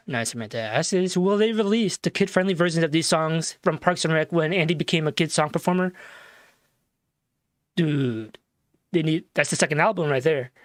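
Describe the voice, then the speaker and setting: High-voiced young man reading news casually. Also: no echo, studio quality. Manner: chatty, reads headlines then riffs. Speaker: co-host.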